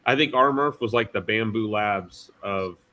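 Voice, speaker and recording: Casual male co-host, bright and forceful, animated storyteller. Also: fairly low pitch, moderate pace. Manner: animated storyteller, swears freely. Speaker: livestream co-host. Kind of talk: casual chat.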